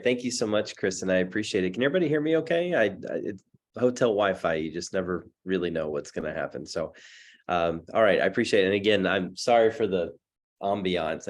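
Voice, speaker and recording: Low-voiced chatty man on a video call. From Texas. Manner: rambling, chatty, frequent fillers and restarts. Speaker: guest speaker. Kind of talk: casual talk on a video call. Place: dark hotel room.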